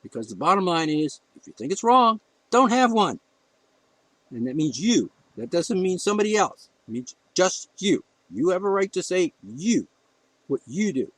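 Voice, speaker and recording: Male podcast host, blunt and profane solo rant, emotional, higher-pitched voice, dry close sound. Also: very animated, normal speed, fairly bright tone, no echo, low-quality recording. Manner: blunt, heated ranting with profanity. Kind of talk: opinion monologue.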